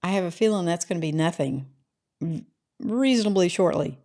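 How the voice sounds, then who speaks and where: This is a middle-aged woman with a voice sitting a little low. She runs a casual livestream from home and rambles through viewers' comments in an easygoing, chatty way. She often tags her sentences with "right?". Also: lively intonation, fairly quick, warm tone. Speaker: livestream host reading chat.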